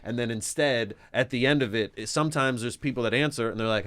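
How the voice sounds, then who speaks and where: A man's voice: mid-range voice, fast talker, few pauses, a bit bright. Comedian guy on a podcast, average voice, rambling complaints and swearing. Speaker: comedian guest. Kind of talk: casual chat.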